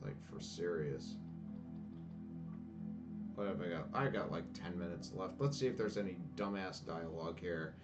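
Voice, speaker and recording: A deep-voiced man delivers casual let's-play commentary at a moderate pace with long pauses, sounding a bit far from the mic. He rants and swears sarcastically about the game while faint game music plays.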